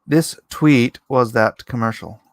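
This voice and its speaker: A man's voice: mid-range voice, slow, no room sound. A man hosting a casual livestream, reading viewer comments aloud and chatting back in a rambling, self-deprecating way. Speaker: livestream host.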